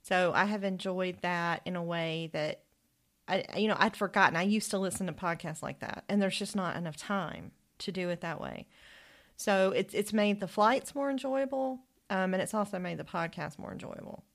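A woman's voice: lowish voice, normal speed. A woman co-hosting a podcast in casual, reflective chat, laughing easily. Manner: chatty, laughs often, reflective. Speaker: podcast co-host.

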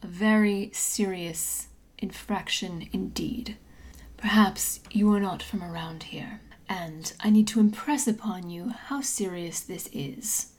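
A woman's voice: fairly low pitch, slow pace, a little mellow. A woman voicing a stern, formal human woman investigator in armor. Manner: cold, formal, clipped.

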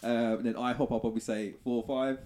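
A man chatting casually as co-host, relaxed and mostly giving short agreeing replies. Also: medium pitch, brisk. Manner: laid-back, brief agreeing replies. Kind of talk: casual chat.

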